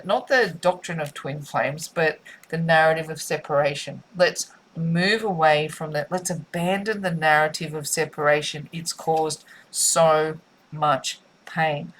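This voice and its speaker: A woman's voice: sits low, a bit bright, slight background noise, poor audio. A woman giving a spiritual tarot reading, musing and repetitive in a soothing way. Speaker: tarot reader.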